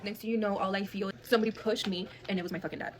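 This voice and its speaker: Fast-talking foul-mouthed woman storyteller. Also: medium pitch, fairly even intonation, a little hiss or hum. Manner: heavy cursing, blunt and dramatic retelling. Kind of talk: casual storytime monologue.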